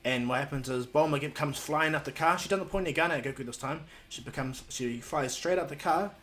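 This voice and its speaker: A man's voice: a little high, fairly quick, fairly bright tone. A man casually telling a fan-made story, rambling with lots of fillers.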